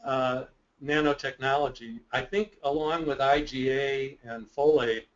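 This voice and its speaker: Measured man explaining in a muffled webinar. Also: mid-range voice, fairly even intonation. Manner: measured, explanatory, self-deprecating humor. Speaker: guest expert. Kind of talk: webinar Q&A answers.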